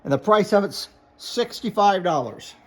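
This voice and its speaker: A man with a high voice runs through glassware for sale, one piece at a time. He names each item, points out chips and repairs, and gives the price in a plain, matter-of-fact way. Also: lively intonation, normal speed. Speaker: glass seller. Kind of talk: product showcase sales talk.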